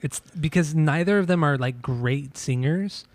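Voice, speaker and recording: A man's voice: on the high side, unhurried, no room sound. A man co-hosting a casual podcast, joking and teasing, laughing often. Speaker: podcast co-host. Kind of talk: casual chat.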